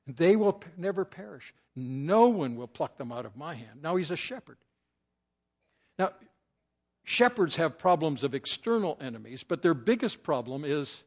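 A man's voice: fairly high pitch, expressive, moderate pace, darkish tone, husky, dull audio. An older man preaching a sermon, telling stories and quoting scripture with rising emphasis. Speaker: pastor.

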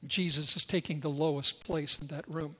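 A man's voice: fairly high pitch, steady tone, moderate pace, fairly bright tone, breathy edge, long reverb tail. A male pastor preaching a sermon, telling the story expressively with strong emphasis.

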